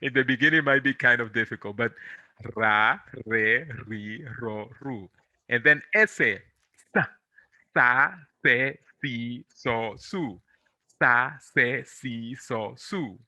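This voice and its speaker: In an online pronunciation lesson taught in English, a man from America, Latin America specifically, whose first language is Spanish, works as a Spanish teacher. His mid-range voice has no echo as he patiently drills and repeats syllables slowly, gently correcting and reassuring.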